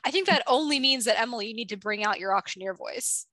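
A woman's voice: fairly high pitch, lively intonation, quick pace, sharp tone, dry recording. A woman co-hosting a podcast, chatting casually and animatedly about science, with lots of filler words. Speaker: podcast co-host.

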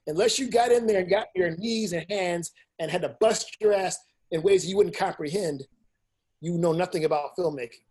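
This middle-aged man's voice is high-pitched and slightly rough, moving at a moderate pace. An independent filmmaker and teacher, he tells stories in an informal interview, animated and outspoken, cursing freely and acting out people's lines.

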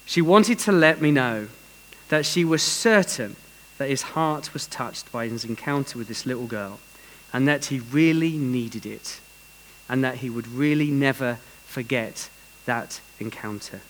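A man's voice: mid-range voice, measured pace, slight background noise, low-quality recording. A man preaching a sermon in an earnest way, telling a story with some restarts.

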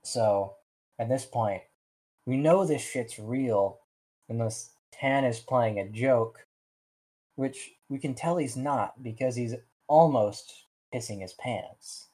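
A man co-hosting a podcast, reading part of a story and chatting in a relaxed way. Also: medium pitch, slow, husky. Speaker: podcast co-host. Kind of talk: casual story reading and chat.

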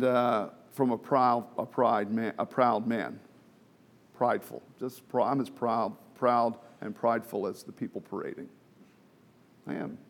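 A middle-aged man preaching a sermon from the pulpit, chatty and self-deprecating, moving between quiet asides and emphatic exhortation. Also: medium pitch. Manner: conversational with self-deprecating humor, many restarts and fillers. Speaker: pastor.

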